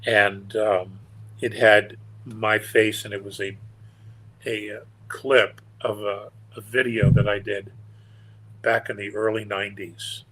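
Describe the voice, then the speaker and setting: Older man, husky voice, lowish pitch, meandering and wry, interview guest. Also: level tone, slow pace, sharp tone, rough recording. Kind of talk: casual storytelling interview.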